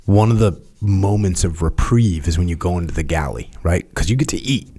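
A man's voice: deep voice, lively intonation, fairly quick, warm tone, breathy edge. A man on a podcast, casually telling a story in an emphatic way and repeating phrases for weight. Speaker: podcast host. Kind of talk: casual chat.

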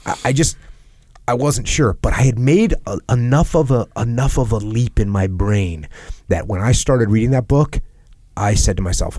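A man's voice: medium pitch, animated, normal speed, mellow, no echo, clean studio sound. A man hosting a podcast, talking earnestly in a reflective conversation and repeating phrases for emphasis. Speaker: podcast host. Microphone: headset.

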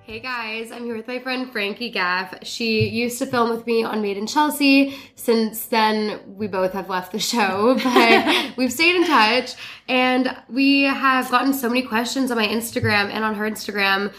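A woman's voice: fairly high pitch, fairly bright tone, soft background music. Stuffed-up woman hosting a podcast. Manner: chatty, quick with laughs and fillers. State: stuffed-up cold voice. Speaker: podcast host. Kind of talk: casual chat.

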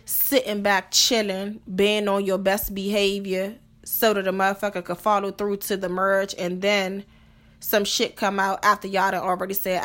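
A woman's voice: medium pitch, little pitch movement, moderate pace, fairly bright tone. Blunt, profane woman podcaster. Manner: blunt, profane, rhetorical questions. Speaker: podcast host. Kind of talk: casual monologue on relationships.

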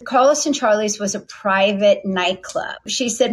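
A middle-aged woman, a company founder, telling a long story from her past in a chatty, lively way, acting out the voices of people she quotes. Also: mid-range voice, normal speed, few pauses. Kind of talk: storytelling interview answer.

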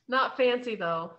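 Speaking in a voice on the high side, a young podcast host chats casually, laughing frequently and cursing occasionally. The recording has its highs cut off.

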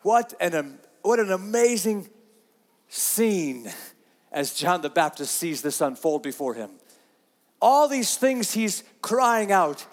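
A man's voice: fairly high pitch, big-room sound. A man preaching a sermon, earnest and repeating himself, reading scripture aloud. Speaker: pastor.

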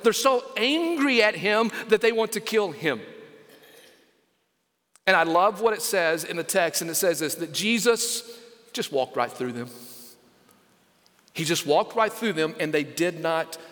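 High, bright-voiced pastor preaching. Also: male voice. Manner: emphatic preaching, asks the congregation questions. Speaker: senior pastor. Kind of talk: sermon. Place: church sanctuary. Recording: long reverb of a large church.

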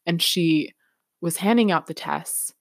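A woman's voice: lowish voice, measured pace, gravelly, no room sound, studio quality. A woman hosting a podcast, telling a personal story in a candid, reflective, chatty way and turning it into motivational encouragement. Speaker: podcast host.

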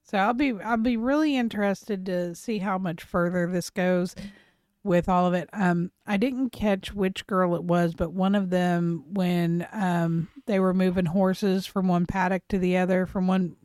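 Blunt low-voiced woman with a slight Oklahoma twang. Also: steady tone, a little slow, darkish tone, clean tone, dry recording, studio quality. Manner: blunt, chatty, swears casually. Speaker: podcast co-host. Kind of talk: casual chat recapping reality TV.

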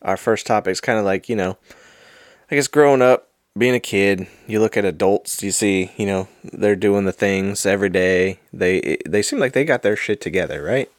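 A man's voice: on the low side, moderate pace, no room sound. A man co-hosting a casual podcast, easygoing and agreeable, chatting into a studio microphone. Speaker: podcast co-host.

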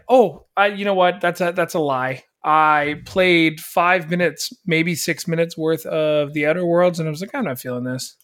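A man's voice: fairly high pitch, fairly bright tone. A man co-hosting a podcast in casual, jokey chat. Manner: easygoing, jokey. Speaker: podcast co-host.

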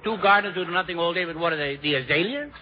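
A man from Ohio doing a stand-up routine, with punchy, excitable joke delivery and frequent restarts. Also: a little high, very fast, dull audio, a little hiss or hum. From Ohio, USA. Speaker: stand-up comedian.

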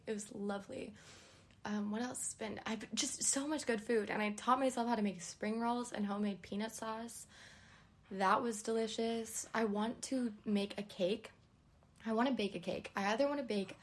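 A young woman hosting a podcast, chatting casually on her own in a rambling way and laughing often. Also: medium pitch. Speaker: podcast host. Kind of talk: casual solo chat.

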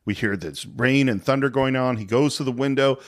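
A man hosting a casual film podcast who retells the scenes in an animated, giggly way. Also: medium pitch, brisk. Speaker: podcast host. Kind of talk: casual film-recap chat.

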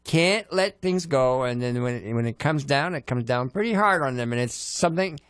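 A man's voice: mid-range voice, lively intonation, moderate pace, a bit bright, smooth, no room sound, studio quality. A man co-hosting a talk show, prim and earnest, refusing to play along with the jokes. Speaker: co-host. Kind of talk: casual comedic banter.

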